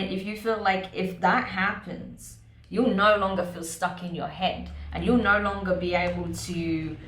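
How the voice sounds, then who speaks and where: A woman's voice: on the low side, a bit bright, reverberant, slight background noise. A woman giving a casual monthly tarot reading to her viewers, chatty, often laughing, and adding "right?" to her points. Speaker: tarot reader.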